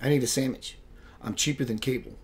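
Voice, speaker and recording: A man with a medium-pitched, darkish voice speaks fairly quickly as he hosts a spiritual web radio show. The casual livestream chat is playful, full of laughter and greetings to viewers by name.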